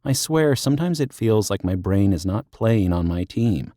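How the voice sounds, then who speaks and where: A man's voice: fairly low pitch, expressive, dark tone, dry recording, lightly acted. A man reading an audiobook, voicing an anxious young female teacher who is flustered, self-deprecating and close to tears. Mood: frustrated. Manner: teary, self-deprecating, rushed. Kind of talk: audiobook character voice.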